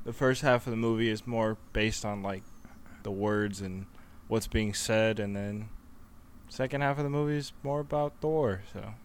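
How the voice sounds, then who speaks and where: A man's voice: on the low side, moderate pace, a little hiss or hum. A man co-hosting a casual movie review podcast, laughing often and trailing off with hesitant phrasing. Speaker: podcast co-host.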